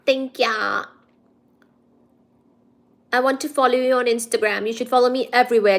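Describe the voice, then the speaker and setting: Slow-talking playful woman livestreamer. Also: on the high side, fairly even intonation. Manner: greets chat by name, playful, sings snatches of songs. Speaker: livestream host. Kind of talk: casual livestream chat with viewers.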